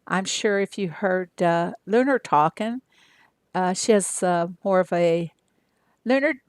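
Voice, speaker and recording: An older woman from Arkansas, chatting casually with viewers on her game livestream in an unhurried way with lots of fillers. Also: on the low side, no echo, studio quality. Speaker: game streamer.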